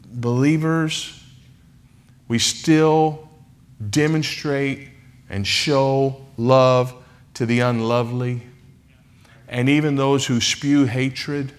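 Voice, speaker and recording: A male pastor delivers a sermon in a church sanctuary, speaking slowly at a mid-range pitch. He leans on emphasis, repetition and long dramatic pauses to drive each point home. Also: clean tone.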